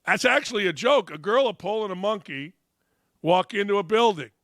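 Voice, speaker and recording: A middle-aged male sports talk host riffs with mocking sarcasm, breaking into loud shouted bursts. His voice sits high and bright. The studio sound is close and dry. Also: expressive, brisk, no room sound.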